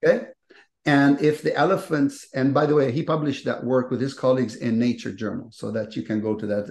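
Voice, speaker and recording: A man speaking as the guest economist in a webinar interview, explaining at length in an animated way and posing rhetorical questions over a video call. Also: mid-range voice, brisk. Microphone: video call microphone. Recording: echoey room on a video call.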